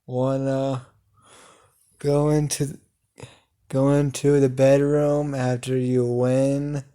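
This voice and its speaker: A man's voice: medium pitch, flat delivery, slow pace, mellow, natural voice. A man doing a flustered, tipsy boyfriend.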